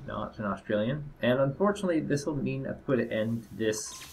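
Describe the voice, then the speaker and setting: Young guy doing a let's play, lots of ums and uhs, rambly, medium pitch. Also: expressive, fast talker, a little mellow, a little hiss or hum. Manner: rambling, hesitant with many fillers. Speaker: gameplay commentator. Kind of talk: casual let's-play commentary.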